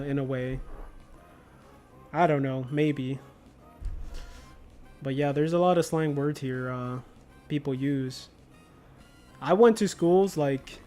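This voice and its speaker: A young man with a slightly high, warm voice livestreams a game, chatting casually while he plays. He tells stories in a laid-back way, sprinkling in slang.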